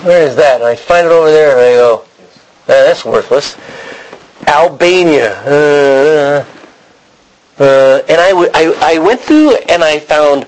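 A man's voice: fairly high pitch, expressive, unhurried, poor audio. A man preaching a sermon, telling a personal story in a rambling way, often restarting and acting out what he said. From Texas. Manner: rambling storytelling, frequent restarts and self-quotes.

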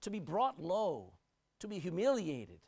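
A woman delivers a sermon in a very animated voice, her pitch sweeping high and low. She presses hard on key phrases, then sinks to a hush. She often repeats a word as she restarts a thought. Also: a little slow, vocal fry, slightly rough. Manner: expressive, rising and dropping sharply for emphasis; repeats words when restarting. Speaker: preacher.

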